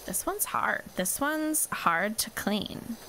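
Chill gal rambling slow while gaming, bit of fry in her voice, faint hiss behind. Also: a little high, expressive. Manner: chatty, rambling, self-deprecating. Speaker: gaming vlogger. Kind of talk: casual chat while gaming.

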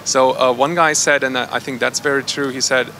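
A man's voice: mid-range voice, fairly even intonation, fairly quick, bright, forceful tone, a little hiss or hum. A man casually reporting his group's findings at a conference session, hesitant and full of fillers and restarts. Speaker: workshop participant reporting back.

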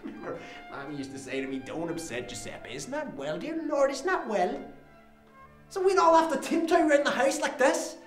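A man's voice: very high voice, sing-song, moderate pace, faint music behind. An actor playing a troubled adult son who confronts his father in a raw, profane dramatic monologue. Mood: anguished. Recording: roomy echo.

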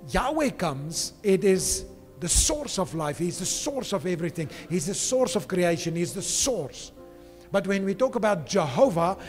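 High-voiced pastor preaching. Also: male voice, a little mellow. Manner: emphatic preaching, often checking in with "okay?". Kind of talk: sermon. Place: church. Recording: reverberant church hall with faint music.

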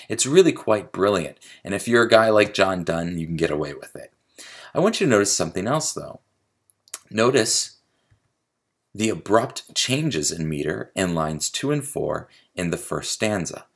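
A man's voice: on the low side, very animated, normal speed, creaky, breathy edge. A man giving a creative writing lecture, explaining poetry step by step and tapping out the meter aloud. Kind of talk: recorded video lecture.

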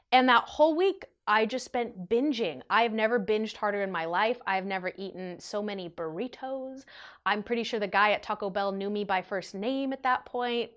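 A woman in her twenties telling an animated, chatty storytime vlog to her viewers. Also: medium pitch. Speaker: vlogger.

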